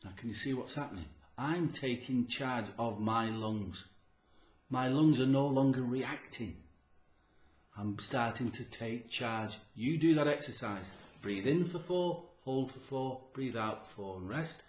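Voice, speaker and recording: A man's voice: mid-range voice, measured pace. Man for a motivational health vlog: earnest and emphatic, repeats himself for effect, slightly out of breath, roomy echo. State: audibly short of breath. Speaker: health vlogger. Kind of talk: motivational talk to camera.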